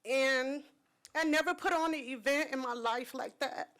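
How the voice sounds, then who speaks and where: High-voiced woman giving heartfelt public comment. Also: moderate pace, fairly bright tone, poor audio. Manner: heartfelt, earnest, slightly tearful. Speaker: event organizer speaking at public comment. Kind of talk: emotional public comment speech. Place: city council chamber.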